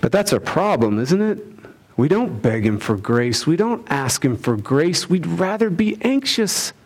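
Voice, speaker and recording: A man preaching a sermon, driving his points home with rhetorical questions and swinging between loud emphasis and hushed lines. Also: a little high, very animated, measured pace. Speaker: pastor.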